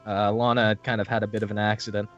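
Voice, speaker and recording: A man's voice: fairly low pitch, flat delivery, fast, highs cut off, soft background music, close to an everyday voice. A man voicing an awkward, shy, chivalrous young man who talks hesitantly and sighs. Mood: subdued. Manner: hesitant, sighing, flustered.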